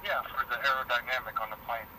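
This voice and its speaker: A man talks quickly on a phone call, heard through the phone speaker. His tone is very bright and sharp. He plays along drily. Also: mid-range voice, fairly even intonation, slight background noise. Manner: quick, dry, playing along. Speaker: caller.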